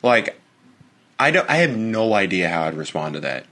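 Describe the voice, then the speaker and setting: A man's voice: lowish voice, sing-song, moderate pace, creaky, a bit bright. A young man co-hosting a casual podcast, rambling and swearing as he acts out imagined exchanges. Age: young adult. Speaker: podcast co-host. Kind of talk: casual chat.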